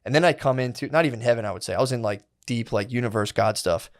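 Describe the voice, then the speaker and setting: A young man in the middle of a long, loose story. He swears freely, rambles from one point to the next, and his voice sits at an everyday middle pitch. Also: quick pace. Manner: rambling, peppered with "like" and "dude", profane. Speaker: podcast co-host. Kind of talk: casual storytelling.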